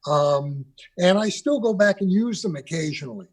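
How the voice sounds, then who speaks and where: A man's voice: high-pitched, expressive, moderate pace. An older man, a guest on a video call interview, reminiscing about recording sessions with loose restarts. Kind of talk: conversational interview.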